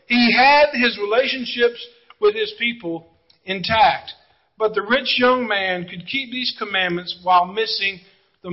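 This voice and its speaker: High-voiced preacher, slightly muffled recording. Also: male voice. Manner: emphatic, drawn-out emphasis, addresses the congregation directly. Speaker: pastor. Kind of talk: sermon.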